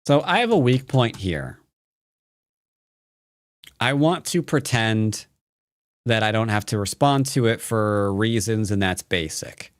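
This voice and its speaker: A man's voice: lowish voice, animated, slow pace, pauses often, no echo. A man teaching Go on a live stream, talking casually and playfully, joking with his chat and rambling with fillers and restarts. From United States.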